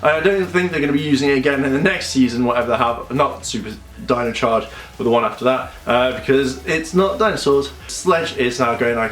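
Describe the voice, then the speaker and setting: A young man, chatting casually as a video reviewer and acting out scenes in quick little voices. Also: medium pitch, a bit bright. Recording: echoey room with faint music.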